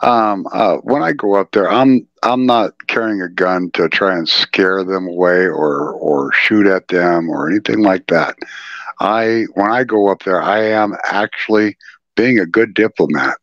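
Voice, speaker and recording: Low-voiced man on a dull lo-fi line. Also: unhurried, a bit bright, dry recording. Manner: earnest, emphatic, repeats "okay". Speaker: podcast guest, ufologist. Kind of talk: casual interview talk.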